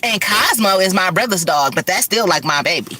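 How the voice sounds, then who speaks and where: Middle-aged woman, rambling casual vlog talk, speeds up and swears freely, bright, forceful tone. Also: medium pitch, animated. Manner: fast-talking, profane, rambling. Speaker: vlogger and rideshare driver. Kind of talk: casual chat to camera.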